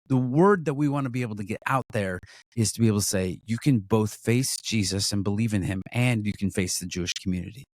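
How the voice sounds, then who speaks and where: A man's voice: fairly low pitch, no room sound. A man co-leading a ministry, talking earnestly in a casual fundraising chat, full of restarts and fillers. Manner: earnest, halting with many restarts. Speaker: ministry co-leader.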